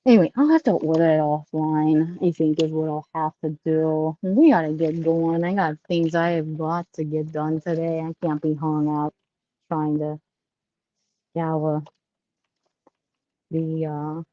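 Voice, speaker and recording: Woman vlogger, folksy and rambling, low voice, dry close audio. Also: steady tone, measured pace, no room sound, muffled recording. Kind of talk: casual shopping vlog. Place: store.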